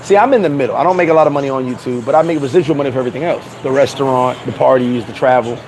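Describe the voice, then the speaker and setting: A man's voice: medium pitch, racing, darkish tone, a little hiss or hum, poor audio. A man chatting casually on a live stream, reading comments aloud in a loose, rambling way, swearing and laughing at himself. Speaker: vlogger reading live chat.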